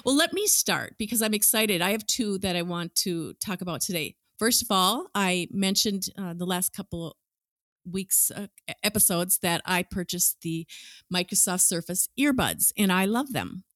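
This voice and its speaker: An enthusiastic woman co-hosts a podcast, with a mid-pitched voice and easy conversational phrasing. She talks as if chatting with a friend. The recording is dry and close. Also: lively intonation, moderate pace, fairly bright tone, no echo. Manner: enthusiastic, laughs easily, conversational. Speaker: podcast co-host. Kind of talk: casual podcast chat.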